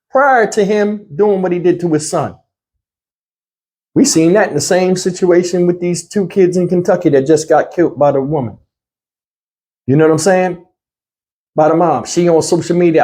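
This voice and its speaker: A man's voice: high voice, moderate pace, long pauses, a little mellow. A man hosting a reaction channel, talking in a blunt, heated, slangy way straight to his viewers. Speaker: commentary channel host. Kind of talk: casual reaction commentary.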